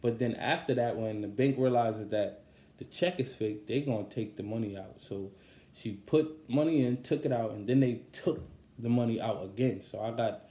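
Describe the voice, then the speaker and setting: A young man, telling a personal story in a casual podcast monologue, full of fillers and growing animated when upset. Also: mid-range voice, moderate pace, echoey room. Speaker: podcast host and songwriter.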